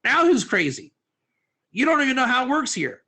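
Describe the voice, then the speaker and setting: A man teaching a lively class, constantly quizzing his listeners and mixing Hebrew terms into his English. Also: very high voice, normal speed, gravelly, slightly rough. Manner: animated, quizzes listeners, asks for answers. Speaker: Torah teacher.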